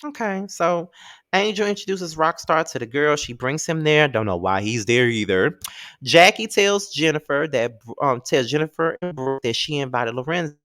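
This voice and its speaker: A man's voice: a little high, lively intonation, moderate pace, fairly bright tone, no echo, clean studio sound. A man giving a casual recap of a reality TV episode, blunt and profane, with exasperated outbursts. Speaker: TV recap host.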